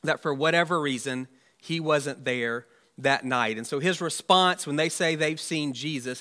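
A male pastor delivers a sermon in a crisp, bright voice that sits a little high. He talks it through like a conversation, musing aloud and tossing in rhetorical asides. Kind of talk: Easter sermon.

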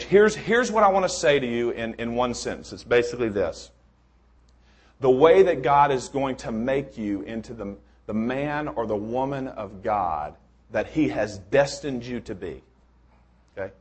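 A man's voice: medium pitch, breathy edge. Informal, rambling male preacher. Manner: informal, rambling, many restarts, joking. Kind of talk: sermon.

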